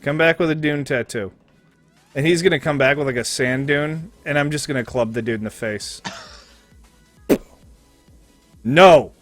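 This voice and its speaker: A man's voice: fairly high pitch, fairly quick, a bit bright, soft background music. Profane, rambling male game streamer. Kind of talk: casual chat while streaming a game.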